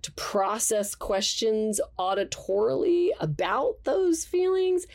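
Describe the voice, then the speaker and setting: A woman's voice: a little high, very animated, takes it slowly, darkish tone. Woman psychologist guest, thoughtful, explains stuff, laughs a little. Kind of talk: conversational expert interview.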